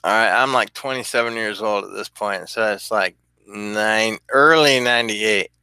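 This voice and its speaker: A man's voice: fairly low pitch, moderate pace, sharp tone, clean tone, no echo. A middle-aged man telling rambling, profane stories in a casual vlog and laughing often. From California. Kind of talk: casual storytelling.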